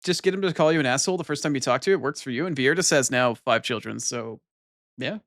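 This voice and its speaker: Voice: mid-range voice, quick pace, fairly bright tone, no room sound, studio quality. Swearing, rambling game streamer. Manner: rambling, profane and self-deprecating. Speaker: gaming streamer. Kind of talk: casual let's-play commentary. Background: game music.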